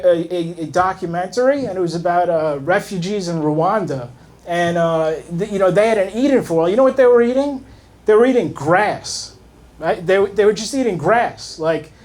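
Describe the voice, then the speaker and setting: A man doing a stand-up set in a comedy club, halting and awkward with many fillers and restarts. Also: sits high, a little mellow.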